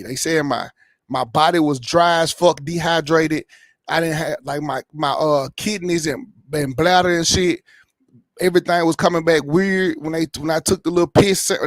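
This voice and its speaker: A man's voice: a little high, no room sound, clean studio sound. A man in his thirties giving a casual personal update in a rambling, heavily profane way, often checking in with the listener. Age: 30s. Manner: rambling, profane storytelling, keeps asking "you know what I'm saying". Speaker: YouTube reaction channel host.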